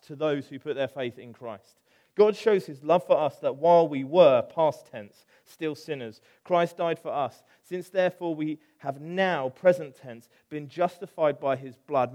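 A middle-aged man preaching a conversational sermon, animated, with asides. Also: a little high. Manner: animated, acts out quoted voices, conversational with asides.

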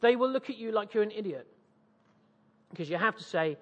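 A man's voice: sits high, expressive, fairly quick, big-room sound, highs cut off. A man from East Anglia with an English accent, preaching a sermon with audience interaction, jovial and self-mocking. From East Anglia, England.

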